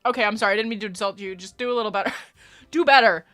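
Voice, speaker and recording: Bright-voiced woman streamer chatting. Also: mid-range voice, fairly even intonation, rapid-fire. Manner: chatty, swears, jokes with chat, sudden shouted outbursts. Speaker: livestreamer. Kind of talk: casual game livestream chat. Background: faint background music.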